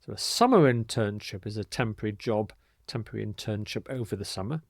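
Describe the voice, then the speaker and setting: A man teaching English vocabulary, speaking clearly and deliberately and modelling the pronunciation and stress of each word. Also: lowish voice, no echo, studio quality. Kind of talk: scripted vocabulary lesson.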